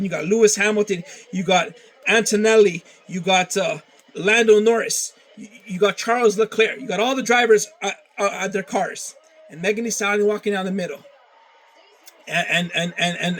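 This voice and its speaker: A man's voice: high-pitched, a bit bright, poor audio. A man ranting casually to camera, often stammering and repeating words, with plenty of swearing. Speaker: vlogger.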